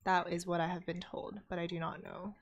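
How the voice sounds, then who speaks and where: A woman's voice: on the low side, flat delivery, brisk, muffled recording. A young woman with a North American accent, hosting a live study stream and chatting casually while she reads viewer comments, laughing often. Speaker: study stream host reading chat.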